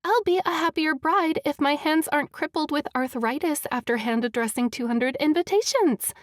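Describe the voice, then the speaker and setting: A woman voices a cheerful, teasing young bride-to-be for an audiobook, her tone bright and playful. She speaks at normal speed in a high voice pitched above her own yet close to everyday speech, recorded in clean studio sound with no room noise.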